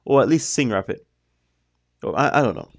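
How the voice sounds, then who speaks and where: A man's voice: medium pitch, sing-song, moderate pace, vocal fry, no echo. A man giving casual reaction commentary on a music video, musing in a stop-start way with apologetic asides.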